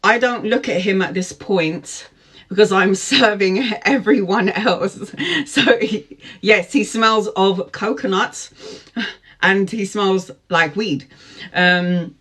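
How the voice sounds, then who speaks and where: A woman in her forties telling a story casually on a live stream, animated and laughing often as she greets viewers. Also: medium pitch, slow pace. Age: 40s. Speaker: tarot reader hosting a live stream.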